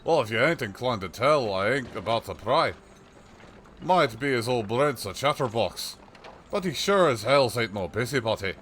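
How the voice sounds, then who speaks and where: A man's voice: mid-range voice, animated, moderate pace, a bit bright, slight background noise, close to an everyday voice. A man voicing a chatty old male peddler with a put-on rustic accent and a folksy, rambling way of talking. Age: older. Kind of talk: reading game dialogue aloud on a livestream.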